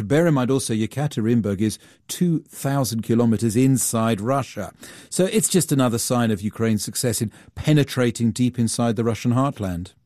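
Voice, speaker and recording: A man's voice: medium pitch, darkish tone, no room sound. A man reporting as a global affairs correspondent in a radio newsroom studio, explaining steadily with some fillers. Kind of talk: news analysis in studio.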